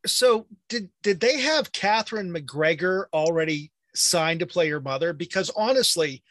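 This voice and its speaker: An interviewer who gives brief affirmations and asks measured questions. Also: mid-range voice, lively intonation, a bit bright, dry recording, clean studio sound.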